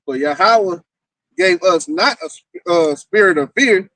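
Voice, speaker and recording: A man in casual group talk who quotes scripture, speaking emphatically and slowing down for the verses. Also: high voice, animated, a bit bright, no echo, recorded from a distance, rough recording. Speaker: participant in a group discussion.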